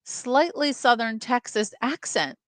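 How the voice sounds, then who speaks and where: A woman's voice: a little high, slow pace, a bit bright, no room sound. A woman co-hosting a casual film podcast over a video call, chatty and explaining background with plenty of fillers.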